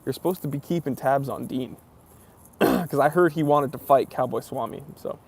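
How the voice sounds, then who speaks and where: Man, gravelly voice, casual live stream host, reads out comments, chatty, lots of ums. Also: mid-range voice, moderate pace, darkish tone. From near New York. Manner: reads viewer comments aloud, chatty with many fillers.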